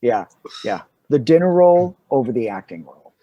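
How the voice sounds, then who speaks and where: Husky man telling a lively anecdote. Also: medium pitch, normal speed, no room sound, highs cut off. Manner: animated storyteller acting out dialogue. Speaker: actor guest.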